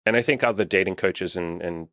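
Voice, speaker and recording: A man's voice: sits low, brisk, a bit bright, no room sound, studio quality. A young man who works as a dating coach, talking bluntly and swearing freely in a casual podcast chat, acting out quotes in a raised voice. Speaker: dating coach and channel host.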